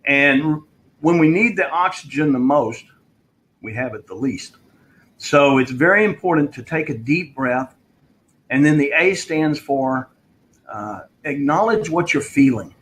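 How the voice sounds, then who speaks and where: A man coaching in a live online session, telling a story and explaining a tip in a relaxed way with fillers. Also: on the high side, measured pace, poor audio. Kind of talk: answering a viewer question in a live online session.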